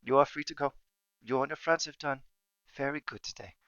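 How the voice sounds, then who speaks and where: A man voicing a towering, imperious female Empress who is a widow, speaking grandly with slow, coaxing and menacing questions, on a dull lo-fi recording. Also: medium pitch, a bit bright, smooth, no echo, natural voice. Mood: lordly.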